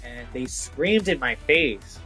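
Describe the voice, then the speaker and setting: A young adult male vlogger rants casually to camera about losing his job, frustrated, sweary and filling his talk with "like." His mid-range voice is expressive, slow, pushed and bright, with soft music in the background.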